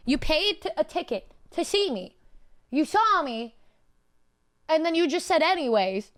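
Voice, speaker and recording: A woman streamer telling stories to her viewers in casual chat, animated, laughing often, swearing freely and slipping into a mock-whiny tone. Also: sits high, measured pace, pauses often. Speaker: streamer and singer.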